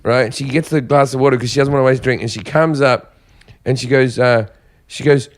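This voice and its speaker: A man's voice: mid-range voice, fairly even intonation, fairly quick, slight background noise. Male comic spinning crude anecdotes. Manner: rambling anecdotes with crude jokes. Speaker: stand-up comedian guest. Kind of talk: casual storytelling chat.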